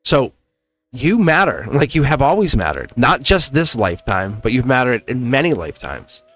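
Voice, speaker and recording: A man's voice: medium pitch, moderate pace. Chatty man hosting a tarot livestream. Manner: chatty and animated, laughs often, acts out quoted exchanges. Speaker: tarot reader and channel host. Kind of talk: casual livestream chat to members.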